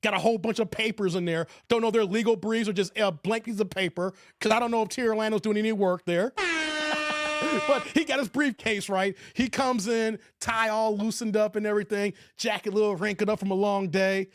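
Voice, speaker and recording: A man hosting a casual livestream, animated and laughing as he reads comments aloud. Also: high-pitched, fairly quick, no room sound, clean studio sound. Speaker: livestream host.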